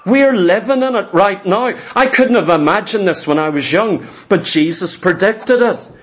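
A man delivering a sermon in a notably high voice. He preaches fervently and emphatically, hammering points home with repetition. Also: normal speed. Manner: fervent, emphatic, repeats for stress.

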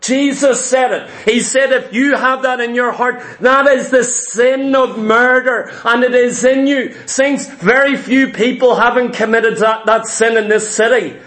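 A man's voice: very high-pitched, unhurried, few pauses, a bit bright. A male preacher delivering a sermon, telling a Bible story dramatically and acting out what the characters say.

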